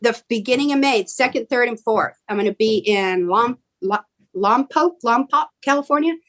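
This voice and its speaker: Poor audio captures a middle-aged American guest actress telling stories on a video call at normal speed. She's animated in this casual chat and performs quotes in a high voice.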